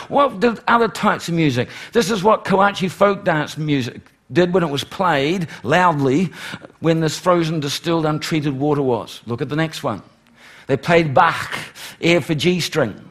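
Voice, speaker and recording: Middle-aged pastor guy preaching, fairly high voice, goes loud then drops real quiet. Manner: animated preaching, swings from loud exclamations to hushed pleading. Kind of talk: sermon.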